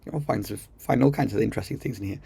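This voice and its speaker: A man's voice: mid-range voice, fast talker, vocal fry, dark tone, slightly rough. A man casually walking through a screen-recorded coding tutorial, chatty and enthusiastic, thinking aloud with lots of ums. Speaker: coding teacher. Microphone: computer mic while screen recording.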